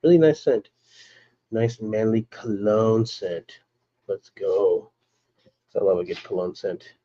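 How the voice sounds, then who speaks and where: A man's voice: on the low side, slow pace, mellow, muffled recording. Laid-back man chatting on a live stream. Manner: laid-back, chatty, greets viewers by name, laughs often. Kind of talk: casual live stream chat.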